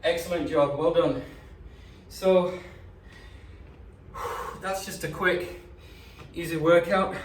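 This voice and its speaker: A man's voice: sits high, fairly even intonation, takes it slowly, long pauses, slight background noise. Breathless man coaching a home workout. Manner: encouraging, casual coaching talk with fillers. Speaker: fitness coach. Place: indoors at home. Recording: echoey room, mic at a distance.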